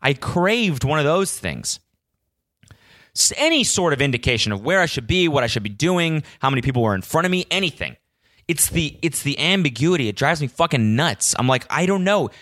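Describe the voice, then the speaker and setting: A man's voice: fairly high pitch, very animated, a little fast, a bit bright, no room sound, clean studio sound. Swearing, exasperated man ranting on a podcast. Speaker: podcast host. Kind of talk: solo podcast monologue.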